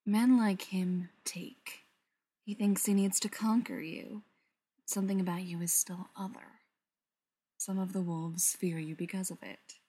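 Young woman, low intimate whisper, whispered role-play, read by a female narrator. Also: fairly even intonation, measured pace, warm tone, breathy edge. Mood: coaxing.

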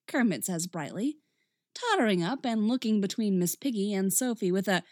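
A woman reading a story aloud with expressive, wry narration, recorded close up. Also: mid-range voice, normal speed, no echo.

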